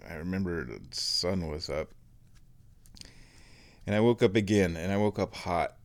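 Male vlogger, lowish voice, chatty and meandering, casual home-video storytelling. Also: unhurried. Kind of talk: casual rambling vlog.

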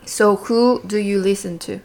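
A woman's voice: mid-range voice, steady tone, unhurried, a little mellow. A woman in a casual conversation, pressing with skeptical questions.

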